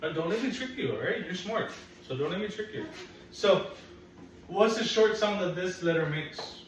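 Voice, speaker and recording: Speaking at normal speed, a woman with a lowish, expressive voice leads a phonics lesson for young children, patiently repeating vowel sounds and kidding that she'll trick them. It's a classroom recording, distant and echoey with a bit of faint noise.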